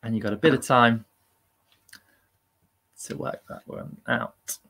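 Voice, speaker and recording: A man's voice: medium pitch, steady tone, takes it slowly, vocal fry, fairly bright tone. A man hosting a live-streamed quiz, upbeat and chatty and laughing at himself. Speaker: quiz host.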